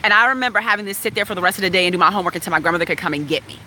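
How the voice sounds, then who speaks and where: A woman from West Virginia frankly telling a personal story in a chatty, animated way. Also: lowish voice, very fast, slight background noise. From West Virginia, USA. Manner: frank, animated, chatty, laughs now and then.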